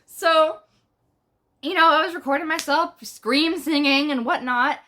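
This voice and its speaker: A woman with a New York accent telling a casual storytime vlog, animated, profane and full of slang. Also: sits high, unhurried. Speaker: vlogger.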